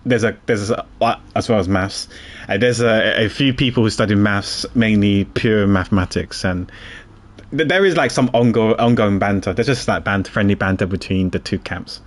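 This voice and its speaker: A man's voice: lowish voice, moderate pace. A man streaming a game, chatting casually and animatedly, stammering a little when he explains things. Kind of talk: casual gaming commentary.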